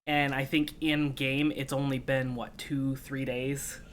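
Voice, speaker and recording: A man running a tabletop campaign, talking things through on a podcast. His delivery is measured and explanatory, and his voice sits at a middle pitch. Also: little pitch movement. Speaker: game master. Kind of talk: casual podcast chat.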